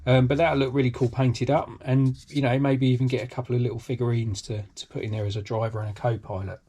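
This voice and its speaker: A man's voice: medium pitch, little pitch movement, fast, dark tone, slightly rough. Rambling British man unboxing hobby parts. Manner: rambling, lots of ums and restarts, enthusiastic. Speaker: RC hobby channel host. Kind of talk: casual unboxing commentary. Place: home workshop.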